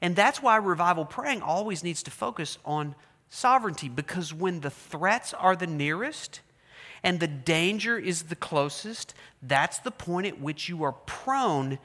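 Pastor, male, high bright voice, dramatic sermon delivery, reverberant sanctuary. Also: expressive, measured pace. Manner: preaching with dramatic voiced prayers, rising and dropping loudness.

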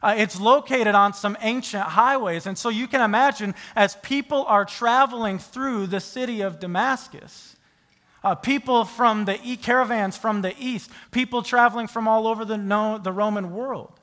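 Guy preaching, pretty high voice, keeps tossing questions at the room. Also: moderate pace. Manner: animated storytelling with rhetorical questions. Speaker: pastor. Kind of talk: sermon.

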